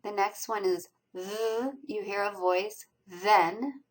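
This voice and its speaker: In a recorded lecture over slides, a woman teaches college reading skills, explaining pronunciation and stressing each syllable with slow, deliberate enunciation. Her medium-pitched delivery is flat, and the audio is poor.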